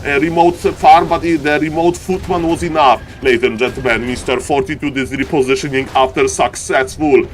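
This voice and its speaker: A man's voice: mid-range voice, steady tone, moderate pace, hardly any pauses, slight background noise. A man casting a live strategy-game match as an esports streamer, hyped and playful, with showman patter and rambling asides. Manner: hyped, showman patter, keeps saying "ladies and gentlemen".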